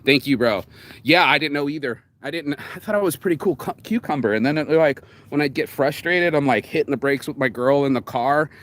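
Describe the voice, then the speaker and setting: A man's voice: on the high side, brisk, fairly bright tone. A man giving a casual motivational talk outdoors by a road, rambling and candid, swearing freely and acting out other people's lines. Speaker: vlogger giving morning motivation.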